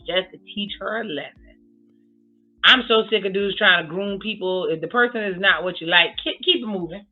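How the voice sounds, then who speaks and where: A woman giving blunt, sassy casual commentary as she recaps a reality TV episode, swearing freely. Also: on the low side. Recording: tinny phone-like sound with faint music.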